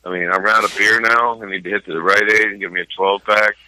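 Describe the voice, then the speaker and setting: Laid-back rambling guy with a bright voice. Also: fairly low pitch, steady tone, brisk, rough recording. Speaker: podcast host. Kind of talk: casual chat.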